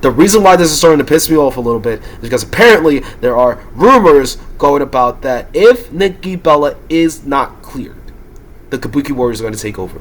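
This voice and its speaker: A man losing his voice, giving heated, frustrated wrestling predictions in a ranting vlog and breaking into loud, swearing outbursts. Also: medium pitch, slight background noise. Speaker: wrestling commentator and YouTuber.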